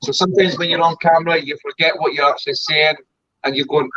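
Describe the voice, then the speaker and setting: A man's voice: on the high side, fairly even intonation, pushed and bright, no room sound, dull audio. A Scottish man from a paranormal team chatting casually and jokily in an online interview. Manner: chatty, joking, quick explanations.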